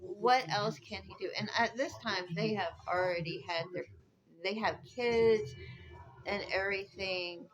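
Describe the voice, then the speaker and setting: A woman's voice: mid-range voice, measured pace, poor audio. A woman telling an old legend in a casual, rambling way, drifting off on tangents. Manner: rambling, conversational, drifts off track. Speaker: storyteller. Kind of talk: casual spoken storytelling.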